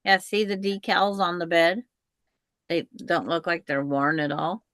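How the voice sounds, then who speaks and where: A woman hosting a quilting livestream, chatting casually and calmly while she works. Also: lowish voice, no echo. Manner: relaxed, chatty, drawn-out pace. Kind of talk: casual chat while crafting.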